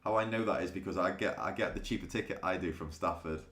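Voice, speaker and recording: A man's voice: low voice, quick pace, a bit bright, echoey room. A man chatting casually with viewers on a live stream, laughing often and restarting his sentences. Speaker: day trading streamer.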